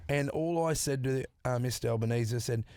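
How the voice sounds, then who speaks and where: A man's voice: mid-range voice, brisk, darkish tone, no echo. A man with an Australian accent telling a story on a podcast, brash and sweary, laughing through it. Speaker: podcast guest. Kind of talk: casual storytelling.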